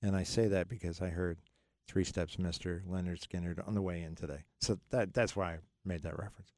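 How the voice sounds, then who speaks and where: Man, middle-aged, radio host, low-pitched, dry close studio sound, rambling and jokey. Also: quick pace, a little mellow, no echo. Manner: rambling and jokey, many fillers and restarts. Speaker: radio finance show host. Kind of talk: casual call-in radio talk.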